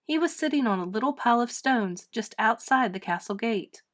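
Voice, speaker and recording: A woman reading a children's storybook aloud with dramatic, expressive narration. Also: fairly high pitch, moderate pace. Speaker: storybook reader. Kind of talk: children's book read-aloud.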